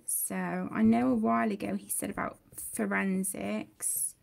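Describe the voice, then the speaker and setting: A woman's voice: medium pitch, steady tone, a little slow, vocal fry, a little mellow. A young woman hosting a colouring livestream from home, chatting and reading out viewer comments. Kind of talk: casual livestream chat.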